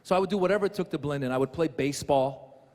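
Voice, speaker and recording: A man's voice: fairly high pitch, quick pace, darkish tone. A man doing a stand-up set, chatty and repeating his punchlines for the crowd. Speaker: stand-up comedian. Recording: big hall reverb, crowd and noise.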